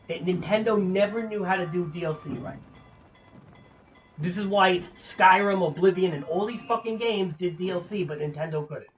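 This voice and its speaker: A man's voice: sits high, moderate pace, faint music behind. A young man streaming a game, ranting with lots of swearing in frustration. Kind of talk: casual gameplay commentary.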